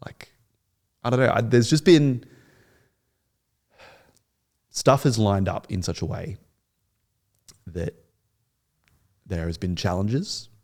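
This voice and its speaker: A man's voice: lowish voice, lively intonation, takes it slowly, long pauses, darkish tone. A young man speaking as a podcast guest, telling his story in an earnest, rambling way with many restarts. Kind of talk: podcast interview.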